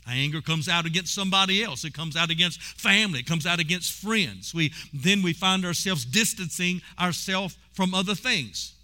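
Bright, forceful preaching man. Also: high voice, normal speed, few pauses. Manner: preaching with call-and-response, rising to shouts. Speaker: pastor. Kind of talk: sermon.

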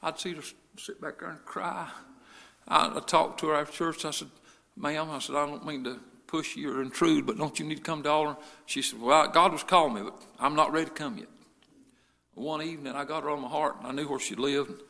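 A male pastor preaching a sermon, moving between quiet storytelling and loud, fervent preaching. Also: a little high, steady tone, fairly quick, creaky, long reverb tail.

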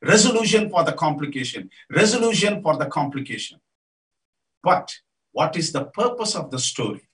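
A man preaching a sermon, emphatic and repetitive, his voice rising to near shouts on key points. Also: mid-range voice. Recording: voice from a distance off mic.

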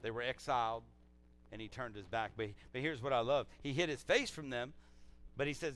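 A man preaching a sermon in a conversational way, repeating phrases and swinging between loud exclaims and soft, low scripture reading. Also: moderate pace. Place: church service.

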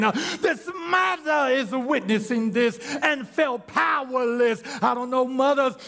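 A man preaching a sermon in an impassioned, shouting delivery. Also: extremely high pitch.

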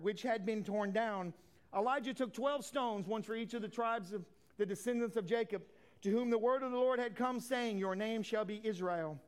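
A man preaching a sermon as a pastor, swinging from loud declarations to hushed asides, with folksy plain talk. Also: very high voice.

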